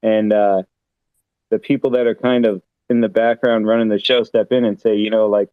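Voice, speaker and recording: A man's voice: on the low side, level tone, normal speed, clean tone, no echo, narrow, tinny audio. A man chatting on an online voice call, talking in a rambling, thoughtful way. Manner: rambling, thoughtful, many fillers and restarts. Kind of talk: casual voice chat.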